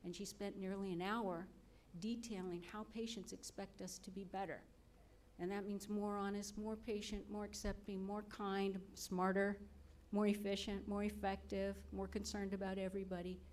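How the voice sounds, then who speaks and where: A woman's voice: mid-range voice, flat delivery, normal speed, a little mellow, slight background noise. A woman on the medical school faculty giving an earnest, motivational ceremony speech into a podium mic, putting questions to the audience.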